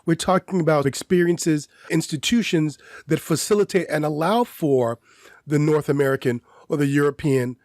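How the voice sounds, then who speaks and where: A man co-hosting a podcast, laying out an academic argument in a measured, lecturing way through strings of questions. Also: on the high side, darkish tone, no echo, studio quality. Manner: measured, lecturing, builds points in lists of questions. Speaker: podcast co-host. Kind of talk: academic discussion.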